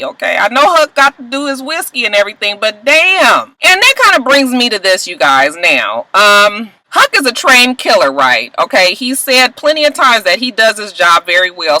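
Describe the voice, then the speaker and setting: Chatty woman spilling tea on a tv episode, super bright voice, swears a lot. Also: on the high side, moderate pace, few pauses, dry recording, rough recording. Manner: animated, gossipy, salty storytelling. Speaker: TV recap vlogger. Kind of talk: casual TV episode recap.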